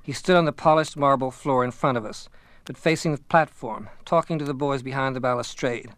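Male audiobook narrator, measured and dry. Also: medium pitch, fairly bright tone, no room sound. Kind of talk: scripted first-person narration.

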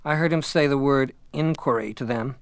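Male audiobook reader, middle pitch, measured delivery, dry booth sound. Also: gravelly, clean tone, no room sound. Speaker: audiobook narrator. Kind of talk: scripted first-person narration.

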